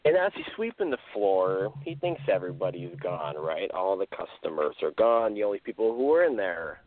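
A man's voice: sits low, big pitch swings, moderate pace, dry recording. A man casually telling a spooky story on a podcast, rambling and correcting himself as he goes. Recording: tinny phone-like sound.

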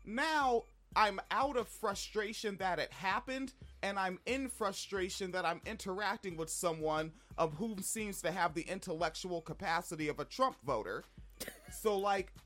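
Podcast co-host, male, slightly high voice, swears freely, animated storyteller, faint music under. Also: unhurried. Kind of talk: casual chat.

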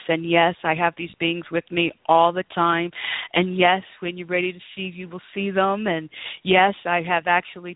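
A guest author with a lowish voice tells personal stories in an earnest, exclamatory way during an interview in Las Vegas. The audio comes through a tinny, dry phone line with no echo.

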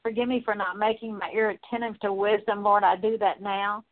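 A woman leading a spoken prayer of repentance, earnest and steady, working through a long list with frequent small fillers. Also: mid-range voice, fairly quick. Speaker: prayer minister. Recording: tinny phone-like line.

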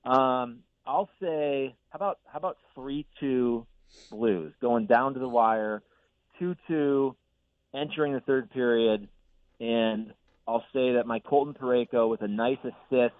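A man's voice: medium pitch, a little slow, dry recording. A man calling in as a guest, telling stories in casual sports talk, laughing easily. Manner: chatty storyteller, laughs easily. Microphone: phone. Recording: tinny dry phone line.

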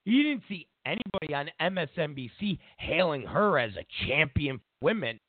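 Animated high-voiced male host, tinny audio. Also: moderate pace, dry recording. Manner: animated, mocking rant. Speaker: show host. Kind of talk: opinionated political commentary. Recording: tinny phone-like dry audio.

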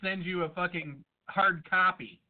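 A high-pitched man co-hosting a casual podcast, ranting about everyday gripes with plenty of swearing. The sound is thin and tinny, like it came over a phone line. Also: unhurried. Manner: ranting and profane. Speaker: podcast co-host. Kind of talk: casual chat.

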